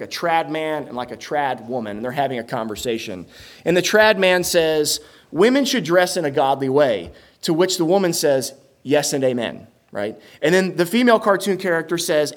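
Delivering a sermon, this young male pastor sounds earnest and forceful. He speaks slightly higher than most men do, often posing rhetorical questions and punching words with pointed upward stress.

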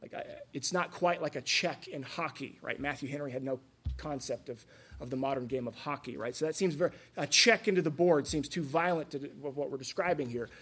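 Earnest preaching man, slightly high voice. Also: brisk, a bit bright, breathy edge. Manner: earnest, conversational preaching with asides and rhetorical questions. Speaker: pastor. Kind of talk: sermon.

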